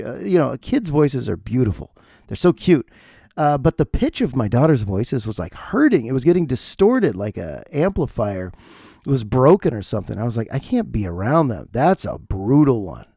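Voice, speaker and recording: A man's voice: mid-range voice, sing-song, moderate pace, creaky, warm tone, husky, no room sound, studio quality. A middle-aged man hosting a podcast, delivering a jokey, ranting comedic monologue. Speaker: podcast host.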